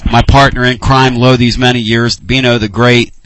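A man's voice: mid-range voice, level tone, moderate pace, a bit bright, no room sound. A middle-aged man hosting sports talk radio, passionate and emotional. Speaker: radio host.

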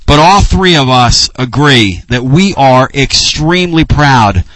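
A man's voice: medium pitch, animated, unhurried, fairly bright tone, dry recording. A middle-aged man hosting sports talk radio, passionate and emotional. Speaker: radio host.

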